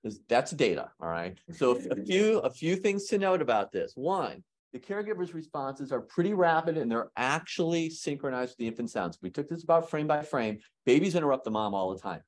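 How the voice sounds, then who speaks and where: A man giving an academic lecture in a hall, lively and joking with his audience. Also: mid-range voice.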